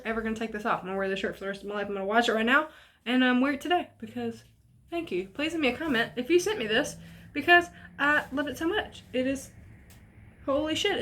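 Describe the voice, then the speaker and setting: A young woman vlogging a casual unboxing at home, excitable and gushing, swearing freely. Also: high voice, a little hiss or hum.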